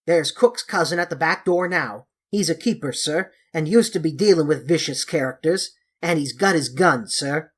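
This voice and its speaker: A woman voicing a gruff, stubborn male manservant who speaks in a country dialect and drops his g's. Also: sits low, normal speed, few pauses.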